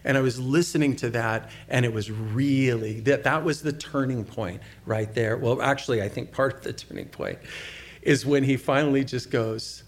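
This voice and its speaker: Middle-aged man, pastor's sermon, relaxed storyteller who asks the room questions. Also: medium pitch, normal speed.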